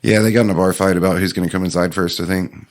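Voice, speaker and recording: A man's voice: low-pitched, fairly even intonation, fast talker. A man co-hosting a casual drinking podcast, telling rambling anecdotes and laughing often. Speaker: podcast co-host. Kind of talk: casual drinking-show banter.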